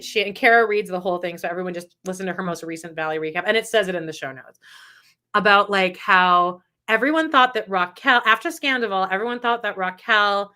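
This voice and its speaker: A woman co-hosting a podcast, retelling reality TV gossip in a rambling, animated way. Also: medium pitch. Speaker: podcast co-host. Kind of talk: casual gossip chat.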